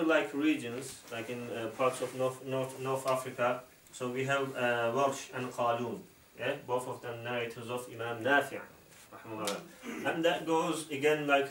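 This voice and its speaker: A male Islamic instructor explaining to an interviewer, halting with many fillers and often checking understanding with "okay?". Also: medium pitch, fairly bright tone, a little hiss or hum. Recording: roomy, distant mic.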